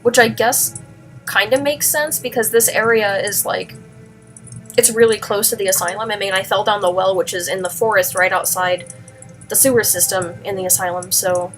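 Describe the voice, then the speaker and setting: A woman's voice: mid-range voice, fairly even intonation, moderate pace, fairly bright tone, faint music behind, rough recording. A woman thinking aloud as she plays through a story game. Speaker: let's play host. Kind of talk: game commentary.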